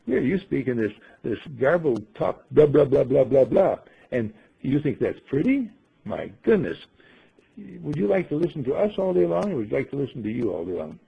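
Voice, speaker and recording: A man's voice: mid-range voice, sing-song, normal speed, vocal fry, slightly rough, muffled recording, full character voice. Man doing a wise chatty talking bird. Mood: lecturing. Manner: lecturing, gently superior.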